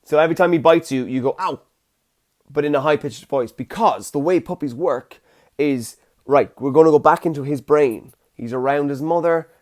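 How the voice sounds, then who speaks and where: Man, young adult, podcast host, chatty, slightly high voice. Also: a little fast. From Ireland. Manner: chatty, jokey, animated storytelling. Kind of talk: casual solo podcast chat.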